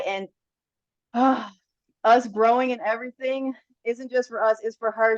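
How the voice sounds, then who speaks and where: Heartfelt young woman on a dull call line. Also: a little high. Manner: heartfelt, faith-filled, emotional. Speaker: guest speaker on a team call. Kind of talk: motivational speech on a call.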